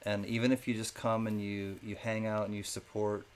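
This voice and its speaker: A man's voice: fairly low pitch, level tone, normal speed, heavy background noise. A man hosting a live-stream coin auction in a chatty, casual way, thanking viewers by name between calls.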